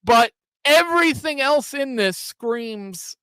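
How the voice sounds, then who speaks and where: A man hosting a reaction show, blunt and critical, with profanity in his casual commentary. His voice is fairly high for a man. The sound is close and dry, with no room echo. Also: normal speed, a bit bright.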